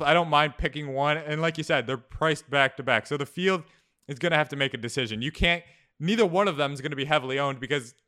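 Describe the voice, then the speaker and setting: A man's voice: fairly high pitch, sharp tone. A man co-hosting a fantasy football podcast as the numbers-minded analyst, speaking casually and with a wry edge. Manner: wry, quick quips, data-minded. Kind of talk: casual sports chat.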